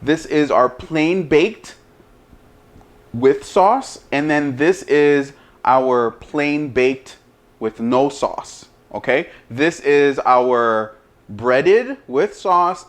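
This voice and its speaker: A man hosting a casual cooking demo and taste test, humming over each bite and talking with his mouth full. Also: mid-range voice. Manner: talks with mouth full, lots of savoring hums; slow, relaxed delivery. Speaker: chef, cooking show host.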